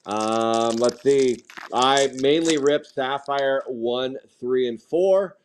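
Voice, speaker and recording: A man's voice: medium pitch, slow pace, slight background noise. A man chatting casually while opening trading card packs on a live stream, drifting into rambling side stories. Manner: rambling, sidetracked anecdotes.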